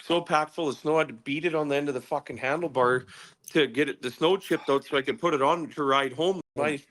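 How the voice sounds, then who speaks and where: A middle-aged man telling a story as a podcast guest, casual and profane, animated as he recounts events. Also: fairly high pitch, brisk.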